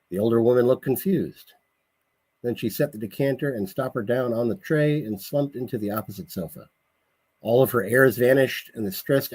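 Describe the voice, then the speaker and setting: A man, the author, reading his novel aloud in a measured way, with a husky voice and occasional self-corrections. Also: mid-range voice, darkish tone.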